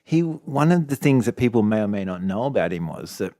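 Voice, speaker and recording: A man's voice: lowish voice, big pitch swings, fairly quick, mellow, no room sound, studio quality. An Australian man co-hosting a casual podcast, talking in a laid-back, rambling way. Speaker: podcast co-host. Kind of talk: casual chat.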